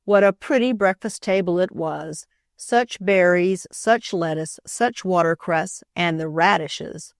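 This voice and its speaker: A woman narrating an old children's novel as an audiobook, in an even storytelling manner. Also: fairly low pitch, unhurried, gravelly, few pauses, dry recording, studio quality. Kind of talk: scripted narration of a children's classic.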